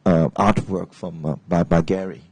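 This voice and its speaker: Male host, Cantonese, hesitant and filler-heavy, low husky voice. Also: fairly even intonation, normal speed, a little mellow, rough recording. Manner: hesitant, many fillers and restarts. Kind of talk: casual teaching chat.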